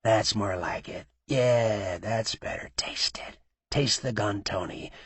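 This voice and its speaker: A man voicing a cold, cruel male mob boss who taunts in a low voice that he rarely raises. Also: slow, slightly rough, no echo. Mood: menacing.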